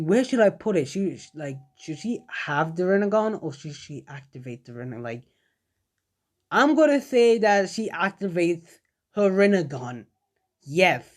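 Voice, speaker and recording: A man narrating a fan-made story casually, rambling with lots of fillers and talking to his viewers. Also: high voice.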